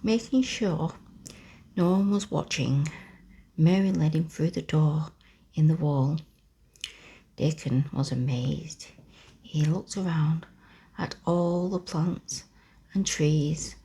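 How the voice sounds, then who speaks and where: A woman reads a bedtime story in a breathy, husky whisper as whispered role-play. Her voice sits low and carries a gravelly fry, and she unhurriedly lingers over every phrase close to the mic. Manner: slow soft whispered reading. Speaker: ASMR storyteller.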